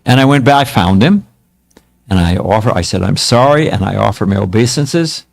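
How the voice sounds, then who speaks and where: A man's voice: on the low side, expressive, normal speed, vocal fry. A man in his seventies, a monk giving a spiritual talk, telling stories from his past in a casual, self-mocking way. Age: 70s.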